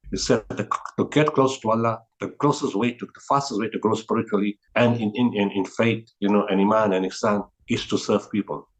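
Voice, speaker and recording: Low-voiced earnest man telling a story. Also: rough recording. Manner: earnest, steady, frequent restarts and repeated words. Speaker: guest, humanitarian relief founder.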